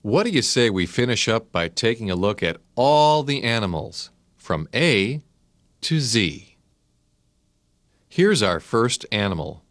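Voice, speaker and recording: A man doing scripted narration for young children, speaking in a slow, sing-song, encouraging way and spelling words out letter by letter. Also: fairly low pitch, very animated, a bit bright, dry recording, clean studio sound.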